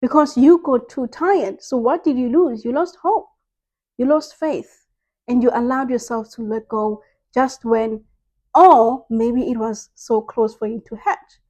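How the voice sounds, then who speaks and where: A woman's voice: fairly high pitch, unhurried, warm tone, poor audio. A woman giving a devotional message of encouragement. She speaks earnestly, repeats key phrases and often adds "right?". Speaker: faith vlogger.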